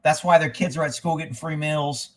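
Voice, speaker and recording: A man with a high voice rants through a live stream, swearing constantly. He drops to a grumble, then climbs to exasperated shouts. He talks like an irritated host hitting back at his commenters. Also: steady tone, fairly quick. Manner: angry, swearing, swings from muttering to shouting. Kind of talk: profane ranting live stream.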